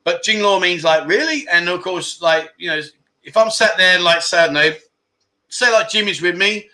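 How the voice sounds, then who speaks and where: Man, high voice, very bright and sharp, jokey livestream host, teasing banter. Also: normal speed. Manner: jokey and teasing, with animated outbursts. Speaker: livestream chat show host. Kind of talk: casual livestream chat, reading viewer comments aloud.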